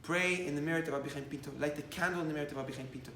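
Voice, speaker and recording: Animated preaching man in an echoey room. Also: on the high side, racing, slight background noise. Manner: animated, rising to loud emphatic bursts, many restarts. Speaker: rabbi. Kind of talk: sermon with storytelling.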